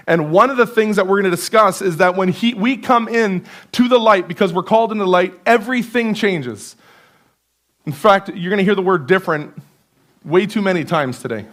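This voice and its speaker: A pastor preaching a sermon in church, earnest and conversational, building emphasis through repetition. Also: male voice, high-pitched, fairly quick, a bit bright. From Canada. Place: church sanctuary.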